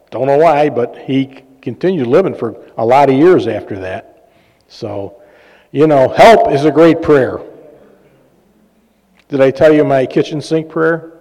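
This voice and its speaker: A man's voice: mid-range voice, mellow. A man preaching a sermon, telling personal stories in a conversational, joking way with fillers and laughs. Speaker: pastor and healing minister. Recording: long reverb of a large hall.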